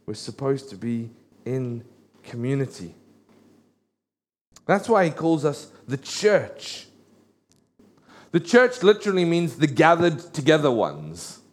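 A pastor giving a sermon in an earnest way, repeating key phrases for emphasis. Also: male voice, mid-range voice, big pitch swings, slow pace, long pauses.

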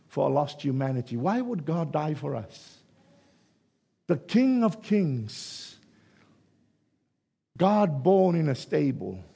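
A man preaching a sermon, swinging between hushed, drawn-out lines and sudden loud shouts. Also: mid-range voice, vocal fry, breathy edge.

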